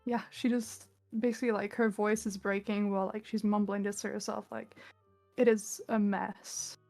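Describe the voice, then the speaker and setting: A young woman talks through her character's feelings, hesitating and filling gaps as she goes. Her voice is flat and gravelly, at a middling pitch. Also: normal speed, faint music behind. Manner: hesitant, full of fillers. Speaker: player.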